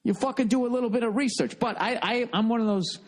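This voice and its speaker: A man in his forties rambling through a solo podcast monologue. He swears constantly, mocks himself, and drifts off on tangents in a loose, animated way. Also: very high-pitched, fast talker. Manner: profane, self-deprecating, animated. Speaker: podcast host.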